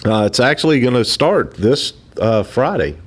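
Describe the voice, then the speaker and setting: A man as a guest on a radio talk show, talking casually and haltingly, often repeating words as he goes. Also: mid-range voice, big pitch swings. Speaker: studio guest promoting a local event.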